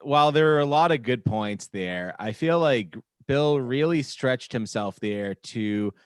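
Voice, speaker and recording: A man's voice: mid-range voice, lively intonation, unhurried, clear, resonant tone, no echo. A man hosting a comedy debate show, moderating with dry, teasing remarks. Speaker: host and moderator.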